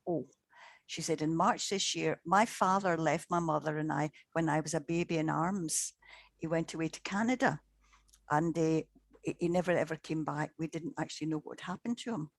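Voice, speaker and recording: Low-voiced woman telling a story. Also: dry recording. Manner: chatty, repeats words, quotes people in dialogue. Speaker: paranormal investigator, guest. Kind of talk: anecdotal storytelling in conversation.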